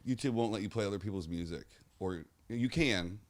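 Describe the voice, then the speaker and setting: A man hosting a podcast, chatting casually and cracking jokes with his guest. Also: on the low side. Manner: joking, quick banter. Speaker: podcast host. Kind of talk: casual chat.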